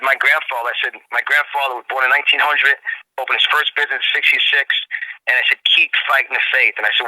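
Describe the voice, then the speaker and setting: A man's voice: medium pitch, bright, forceful tone, no room sound, low-quality recording. A man telling a story as an interview guest, gushing and enthusiastic, often repeating and restarting words. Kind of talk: excited storytelling in a radio interview.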